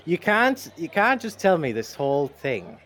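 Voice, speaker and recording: Giggly man with a lively, swooping voice. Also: on the high side, a little slow. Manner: giggly, playful, swears a lot. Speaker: podcast co-host. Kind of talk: casual banter.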